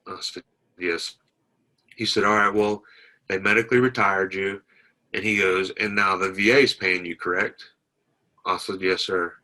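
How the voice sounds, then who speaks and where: A man's voice: low-pitched, fairly even intonation, moderate pace, pauses often, bright, forceful tone, poor audio. A man, a military veteran, telling his story in an interview, plainspoken and retelling conversations line by line. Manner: plainspoken, retells dialogue with many "I said". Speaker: veteran guest.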